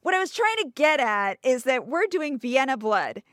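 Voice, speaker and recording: A woman's voice: high-pitched, sing-song, moderate pace, a bit bright, dry recording, clean studio sound. Chatty laughing young woman podcaster. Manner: chatty, rambling, laughs often. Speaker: podcast co-host. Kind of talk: casual chat.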